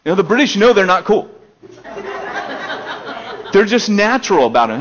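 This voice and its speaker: A man's voice: sing-song, brisk, long pauses, slight background noise. Man preaching a conversational sermon, lo-fi. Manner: conversational preaching, swings from emphatic highs to low quiet stretches. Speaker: pastor. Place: elementary school meeting hall.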